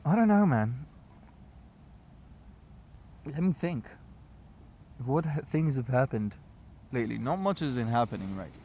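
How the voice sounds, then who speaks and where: A man's voice: medium pitch, expressive, a little slow, long pauses, mellow. A man vlogging outdoors on his phone at sunset, rambling loosely with constant swearing. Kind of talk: casual rambling rant to camera.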